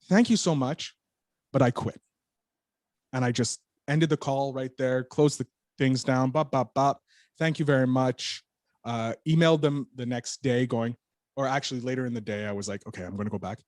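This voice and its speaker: A man on a podcast as a guest, telling a story in an animated, casual way and swearing freely. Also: medium pitch, moderate pace, no echo, clean studio sound.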